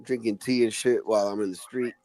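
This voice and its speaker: A man's voice: fairly low pitch, fairly even intonation, fast, mellow. A man joking around playfully in a casual group chat. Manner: playful, jokey.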